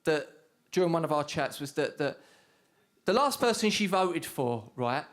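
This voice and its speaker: A man's voice: on the high side, sing-song, moderate pace. A young man with an Essex accent doing a stand-up comedy set, telling cheeky stories with punchlines. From England. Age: young adult. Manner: cheeky storytelling with punchlines, shouted put-on voices. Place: comedy studio stage with live audience.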